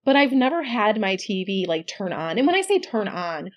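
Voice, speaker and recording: Podcast co-host, woman in middle age, chatty, animated storyteller. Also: mid-range voice, moderate pace, highs cut off. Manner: chatty, animated when quoting, laughs often. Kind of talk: casual storytelling chat.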